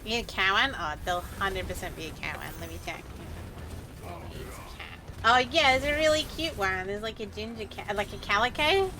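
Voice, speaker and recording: A woman's voice: mid-range voice, animated, brisk, background noise. A woman streamer chatting casually and swearing freely while she plays a game.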